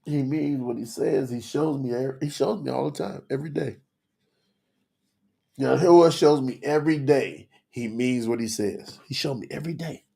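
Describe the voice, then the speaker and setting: A man teaches scripture on a live stream, emotional and teary, sweating, and calling out to viewers in the chat in a preachy way. His medium-pitched voice is dark with vocal fry, at a moderate pace.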